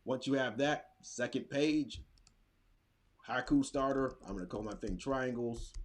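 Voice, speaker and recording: A man's voice: mid-range voice, a little slow. A man presenting a classroom writing activity in a casual webinar, thinking aloud as he clicks through his screen. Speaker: teacher presenter. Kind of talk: instructional webinar demo.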